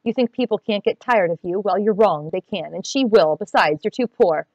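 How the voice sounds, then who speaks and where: A woman's voice: medium pitch, moderate pace, darkish tone, no echo, lo-fi sound, natural voice. A woman voicing a haughty teenage girl who talks in an affected fancy tone to hide her hurt. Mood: stung. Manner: mock-fancy, wounded pride.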